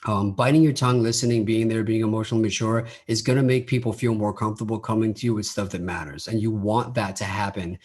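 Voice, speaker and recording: A man's voice: lowish voice, steady tone, quick pace, hardly any pauses, a little mellow, slight background noise. A man talking casually on his solo podcast, often repeating words as he starts his sentences. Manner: acts out quoted dialogue in his own voice. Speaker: podcast host.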